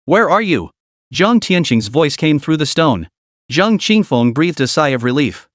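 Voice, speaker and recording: Guy reading a fantasy recap, bouncy pitch, dead dry mic. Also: sing-song, measured pace, no room sound. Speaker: narrator. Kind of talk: scripted story narration.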